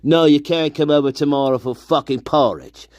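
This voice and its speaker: A man voicing a cranky, ranting man who shouts profane insults and demands his whiskey. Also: fairly high pitch, normal speed, no room sound, lightly acted. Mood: exasperated.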